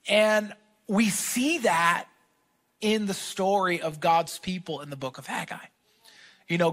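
A man's voice: high-pitched, creaky, fairly bright tone. A male pastor delivers a sermon in an emphatic, driving way. He repeats short commands over and over, the way a coach fires up a team.

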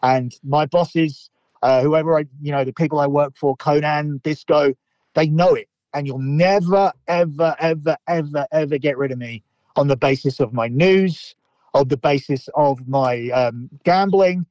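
Male podcast host, slightly high voice on a dry close mic, blunt and defiant, profane rant delivery. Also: unhurried, darkish tone, no echo, low-quality recording.

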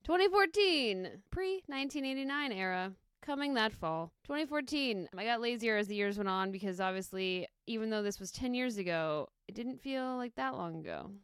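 A woman's voice: a little high, expressive, moderate pace, hardly any pauses, fairly bright tone, smooth, no room sound, clean studio sound. A young woman co-hosting a podcast, chatting casually and jokingly with lots of fillers. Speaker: podcast co-host. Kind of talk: casual chat.

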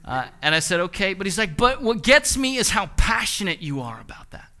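A man's voice: high voice, very animated, fairly quick, pushed and bright. A young man in his twenties, a pastor preaching a sermon and telling a story with quoted dialogue. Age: 20s.

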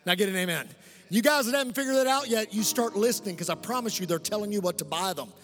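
A middle-aged male pastor preaching a lively, humorous sermon and calling out to the congregation for amens. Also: sits high, quick pace, soft background music. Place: church sanctuary. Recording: long reverb in a large hall.

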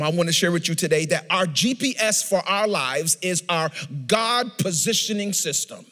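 High-voiced man preaching in an echoing hall. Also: pushed and bright. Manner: emphatic preaching with drawn-out, sing-song phrases. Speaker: pastor. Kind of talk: sermon. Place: church sanctuary. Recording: long reverb of a large hall.

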